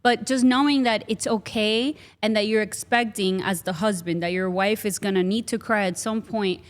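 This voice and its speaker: A woman hosting an interview, speaking gently and empathetically. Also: medium pitch, fairly even intonation, moderate pace, long reverb tail. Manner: gentle, empathetic, laughs easily. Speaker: podcast host. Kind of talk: heartfelt conversational interview.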